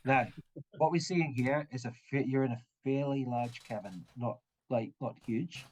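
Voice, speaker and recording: A man running a tabletop game as game master, describing scenes in a halting, restarting way. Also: mid-range voice, darkish tone, rough recording.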